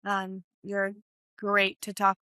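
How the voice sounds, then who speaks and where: A woman's voice: medium pitch, monotone, slow, sharp tone, smooth, no room sound. A young woman hosting a casual podcast as a wedding planner, chatty with lots of "um" and "like". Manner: chatty, many fillers like "um" and "like".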